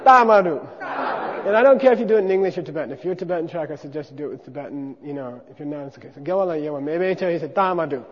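A man with a high voice leads a class through debate drills, cracking jokes and calling out short syllables for everyone to repeat. The recording is muffled and carries a long hall reverb. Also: animated, racing, a faint crowd. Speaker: teacher of monastic debate. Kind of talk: hands-on class demonstration with call-and-response drills.

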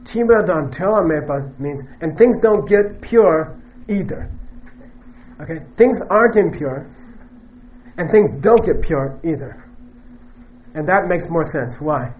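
A man's voice: on the high side, lively intonation, slow, long pauses, a little mellow, slight background noise, low-quality recording. A man teaching Buddhist philosophy in a lecture, joking and laughing often and ending points with "okay?". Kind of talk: classroom dharma lecture.

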